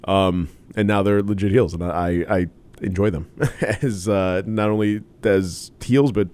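A man's voice: sits low, steady tone, darkish tone. Giggly, rambling man in casual chat. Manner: rambling, halting restarts, giggly.

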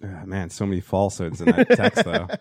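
A man's voice: low-pitched, huge pitch swings, fairly quick. A man in his thirties hosting a casual podcast in a studio, joking and rambling with friends and laughing often. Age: 30s. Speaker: podcast host. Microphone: studio microphone.

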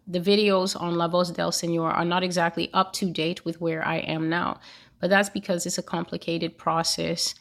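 A woman hosting her own prophecy channel, preaching earnestly with a repetitive cadence. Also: fairly low pitch. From United States. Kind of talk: spoken sermon to camera.

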